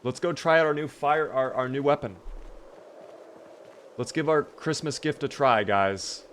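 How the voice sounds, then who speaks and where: A man streaming a survival game live, chatting to his viewers and reacting with sudden bursts of excitement. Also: mid-range voice, unhurried, a little hiss or hum.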